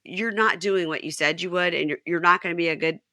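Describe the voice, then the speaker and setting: A woman hosts a casual podcast chat, retelling scenes and animatedly quoting the lines. Her voice sits low but sounds bright. The recording is dry and close. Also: fast, dry recording. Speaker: podcast host. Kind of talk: casual chat recapping a show.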